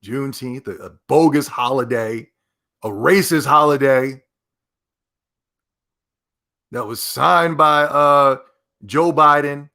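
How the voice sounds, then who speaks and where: A man's voice: mid-range voice, a little slow, bright, forceful tone. Male streamer, mid-range voice, rambling sarcastic reaction commentary. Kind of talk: casual commentary.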